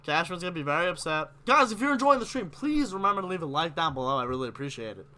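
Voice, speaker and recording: Young man, stream host, casual sports chat, bright forceful voice, slightly high. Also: quick pace. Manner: animated, gets worked up, reads chat questions aloud.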